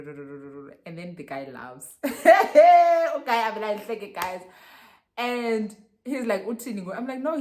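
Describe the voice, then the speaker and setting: A young South African woman with a South African accent, telling a casual story in a lively, animated way and laughing often. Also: on the low side. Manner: animated, mixes English and Xhosa slang, laughs often. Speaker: vlogger.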